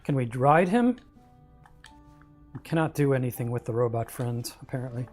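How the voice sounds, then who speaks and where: A man's voice: medium pitch, expressive, moderate pace, a little mellow, faint music behind. A man casually commenting on a game he is streaming, joking and reacting aloud.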